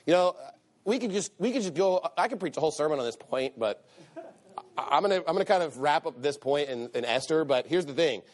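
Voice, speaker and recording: A man's voice: a little high, animated, fairly quick. A man preaching a sermon. He speaks emphatically, repeats phrases for stress, and reads scripture in King James wording. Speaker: pastor.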